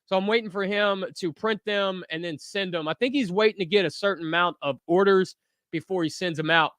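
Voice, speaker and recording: Man, high voice, smooth and clear, dry close mic, casual livestream chat, lots of uh and um. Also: a little fast, dry recording. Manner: relaxed, frequent fillers, candid opinions. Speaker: toy review channel host. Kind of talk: casual livestream chat reading viewer comments.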